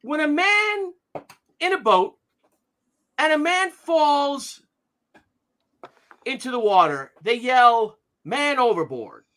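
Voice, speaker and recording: A man's voice: extremely high pitch, slow, pauses often. A man in his fifties hosting a casual live stream, joking and telling anecdotes. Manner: jokey, animated, tells gags and anecdotes. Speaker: stream host.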